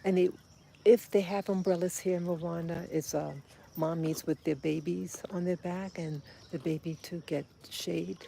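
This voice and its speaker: A woman's voice: on the low side, fairly even intonation, normal speed, creaky, dark tone, a little hiss or hum. A woman vlogging on a walk outdoors, rambling and emotional as she talks to her little boy. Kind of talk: casual walking vlog. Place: outdoors on a street.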